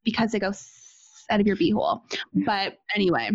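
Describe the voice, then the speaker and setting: A woman's voice: mid-range voice, sing-song, fast talker. A young woman co-hosting a podcast, chatting casually and telling a story with lots of giggles and quoted asides. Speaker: podcast co-host. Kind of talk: casual chat. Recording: slightly dull lo-fi audio.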